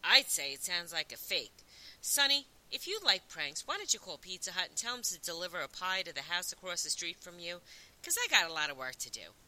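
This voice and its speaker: Woman reading as a snappy busy newspaper guy, sarcastic, loud and bright. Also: fairly low pitch, very animated, fairly quick, exaggerated voice, low-quality recording. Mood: impatient. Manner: curt, impatient, sarcastic. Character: brusque busy male newspaper reporter. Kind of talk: audiobook reading.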